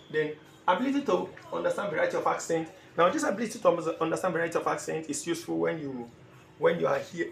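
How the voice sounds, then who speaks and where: This man's gravelly voice sits on the high side. He teaches an IELTS exam-prep lesson in a classroom-lecture format, speaking with emphasis, repeating phrases, and sometimes performing brief dialogues. The recording has an echoey room and faint background noise.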